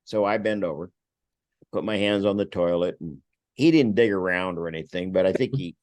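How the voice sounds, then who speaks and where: Deep-voiced older man telling a story. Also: moderate pace, no room sound. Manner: animated, acts out voices, swears freely. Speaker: guest, vineyard owner. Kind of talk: casual anecdote telling.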